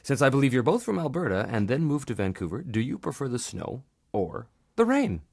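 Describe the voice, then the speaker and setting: A man from Canada hosts a casual podcast, his voice moving up and down in a lively, animated way. He reads out listener questions and jokes around. The sound is dry and close, with little room around it. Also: mid-range voice, fairly quick, vocal fry, dry recording. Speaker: podcast host.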